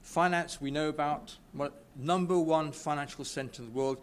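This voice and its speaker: At a business networking event, a UK man gives an informal speech to a live audience in an event room, full of enthusiasm and often stumbling and restarting his sentences. His voice is on the high side at a moderate pace, with slight background noise.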